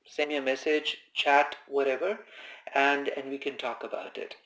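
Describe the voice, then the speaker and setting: A man giving informal spoken meditation instruction, calm and conversational, who repeats his key phrases. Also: mid-range voice, normal speed. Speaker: meditation teacher. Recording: echoey room.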